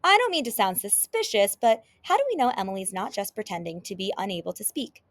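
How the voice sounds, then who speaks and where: A woman's voice: mid-range voice, lively intonation, brisk. A woman voicing a cheerful man who hosts a morning TV show. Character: cheerful male morning TV host.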